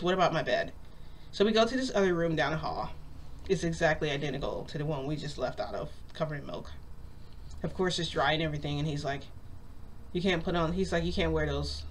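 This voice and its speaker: A woman's voice: deep voice, slight background noise. Rambling woman telling a story. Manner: rambling, lots of "like", acts out quotes. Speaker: vlogger. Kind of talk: casual storytelling.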